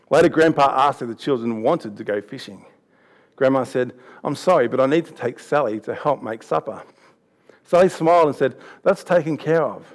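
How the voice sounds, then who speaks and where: A man giving a youth sermon, chatty, laughing and restarting as he tells stories. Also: mid-range voice. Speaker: youth pastor. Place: church hall.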